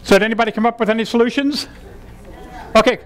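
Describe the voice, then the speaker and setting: A man's voice: very high-pitched, quick pace, some chatter behind. A man leading a humorous seminar workshop, playful and laughing as he coaxes the audience through exercises. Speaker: seminar leader.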